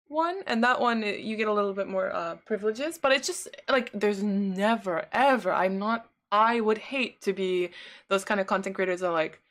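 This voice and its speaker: A woman's voice: medium pitch, moderate pace, fairly bright tone. A woman livestreaming from home, casually chatting and answering viewer messages, laughing often.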